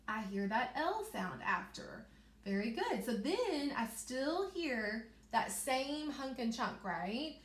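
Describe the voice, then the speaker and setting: A young woman teaching a reading lesson to young children, slowly stretching out letter sounds and praising them often. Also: on the high side, sing-song. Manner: encouraging, repeats words for children. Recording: echoey room.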